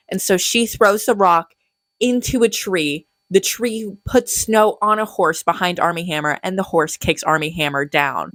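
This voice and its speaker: A woman's voice: on the low side, a little slow, a bit bright, dry recording. A young woman giving a casual, comedic movie recap, snarky and sarcastic with plenty of swearing. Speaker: movie commentary youtuber.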